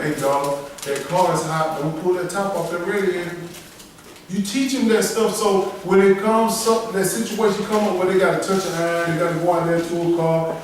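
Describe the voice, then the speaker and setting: A man preaches with emphatic force, urging a reader on between passages. His higher voice rings through a very reverberant room. The mic sits some way off, with faint room ambience behind him. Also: far from the mic, a little hiss or hum. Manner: emphatic, preaching in dialect with call-and-response to a reader. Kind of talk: sermon.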